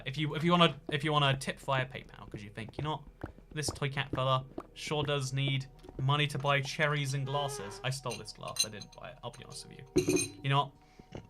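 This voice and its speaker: A man's voice: medium pitch, noisy background. A man hosting a casual livestream and reading out chat donations. He talks in a rambling, jokey way, full of fillers and restarts.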